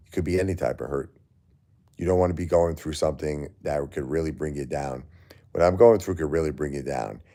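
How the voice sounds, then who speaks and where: Drained middle-aged male livestream host, very deep and dark, stumbling through his grief. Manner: grieving, weary, halting with repeated words. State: emotionally drained. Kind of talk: casual livestream talk to viewers.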